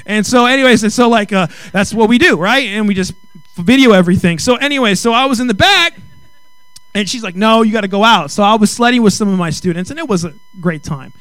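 A middle-aged male pastor preaching a sermon with comic storytelling, animated and acting out dialogue. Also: high-pitched, fast talker, no room sound, low-quality recording. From Mexican heritage. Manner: animated, acts out quoted dialogue, rising to exclaim.

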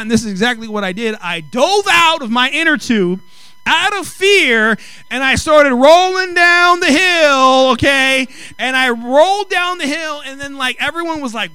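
A middle-aged male pastor preaching a sermon with comic storytelling, animated and acting out dialogue. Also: very high voice, normal speed, smooth, no room sound, rough recording. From Mexican heritage. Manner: animated, acts out quoted dialogue, rising to exclaim.

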